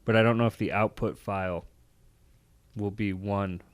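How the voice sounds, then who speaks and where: A man's voice: lowish voice, fairly even intonation, moderate pace, smooth. A young man co-hosting a comedy podcast, talking in a rambling, jokey way, often stopping and restarting his sentences. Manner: rambling, self-interrupting, jokey. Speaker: podcast co-host. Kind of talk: casual comedy chat. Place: small studio.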